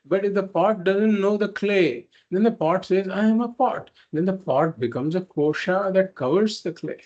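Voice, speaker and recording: A man's voice: sits high, moderate pace, a little mellow, highs cut off. Patient man teaching a spiritual class. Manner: patient, repetitive explaining with examples. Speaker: Vedanta teacher.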